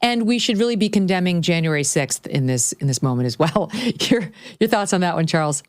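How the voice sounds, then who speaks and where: A woman hosting a political talk show, speaking in a brisk, sardonic, conversational way. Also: sits low, animated, a little mellow, dry recording, clean studio sound. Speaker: podcast host. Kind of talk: political commentary.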